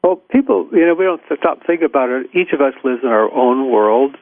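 A man's voice: mid-range voice, lively intonation, brisk, dry recording. Guest interviewee, male, reflective storyteller, hesitant restarts, tinny phone-line audio. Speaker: psychotherapist guest.

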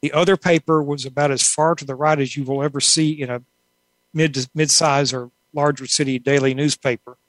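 A woman's voice: deep voice, steady tone, brisk, no echo, rough recording. A woman author answering interview questions in a thoughtful, rambling way, with many asides. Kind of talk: casual conversational interview.

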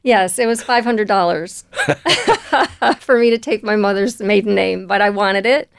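A woman being interviewed, telling personal stories in a relaxed way and laughing easily. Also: mid-range voice, a little slow, creaky, clear, resonant tone, no echo, studio quality. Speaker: guest, volunteer and coach. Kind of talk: conversational interview.

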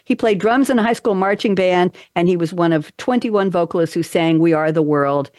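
A woman hosting a talk show in casual chat, upbeat and chatty, reading out trivia with quick asides. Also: fairly low pitch, a little mellow, dry recording, studio quality.

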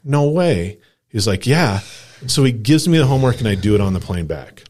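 Sharing a rambling anecdote on a casual podcast he co-hosts, this Coloradan man in his forties speaks with a low pitch. He drifts between details in a relaxed, chatty tone, full of "like" and acted-out quotes.

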